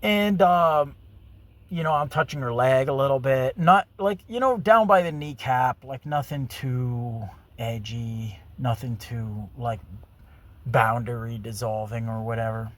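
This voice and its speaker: Male vlogger for a rambling, crude first-person story told at mid pitch. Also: measured pace. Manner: rambling, filler-heavy, crude. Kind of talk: storytelling monologue.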